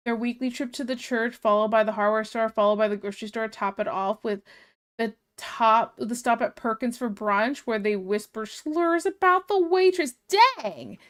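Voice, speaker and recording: A woman's voice: a little high, moderate pace. A woman streamer chatting casually and reading viewer comments aloud, ranting in an exasperated way and laughing often.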